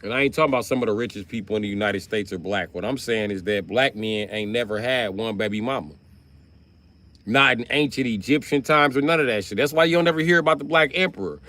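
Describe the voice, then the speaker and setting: A man on a live stream delivering a profane comic rant, swearing heavily as he goes. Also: fairly high pitch. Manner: loud, animated, swearing heavily. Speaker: livestreamer.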